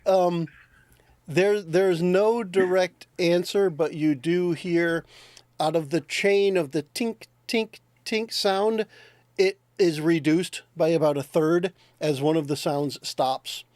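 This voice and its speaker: A man narrating as game master, explaining the scene in a relaxed way. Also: fairly high pitch, slow pace, dry recording.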